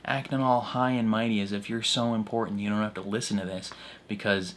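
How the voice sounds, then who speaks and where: Brief: young male reaction host, a bit low-pitched, rambly, laughs a lot. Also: steady tone, a little fast, slight background noise. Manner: rambling, laughs often, many fillers. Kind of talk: casual excited commentary.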